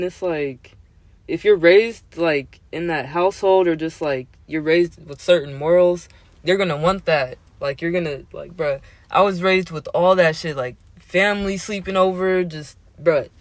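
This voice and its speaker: A man's voice: high-pitched, moderate pace, no echo. A young man in his twenties hosting a podcast, talking in casual chat with slangy, profane language that gets heated. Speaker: podcast host.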